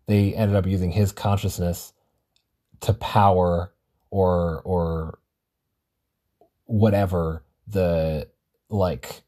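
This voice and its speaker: A man with a low, dark voice hosts a solo podcast. He rambles in a casual way, swearing and correcting himself often.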